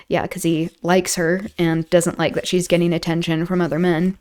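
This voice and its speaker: A woman's voice: on the low side, flat delivery, normal speed, few pauses, a little mellow, smooth. Woman reading aloud with chatty asides. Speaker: streamer reading a novel aloud.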